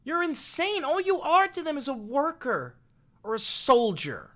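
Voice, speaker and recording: A man's voice: extremely high pitch, huge pitch swings, unhurried, a bit bright. Fiery young man ranting on stream. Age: 20s. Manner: profane, impassioned ranting. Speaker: live streamer. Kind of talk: angry political commentary livestream. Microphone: desk microphone.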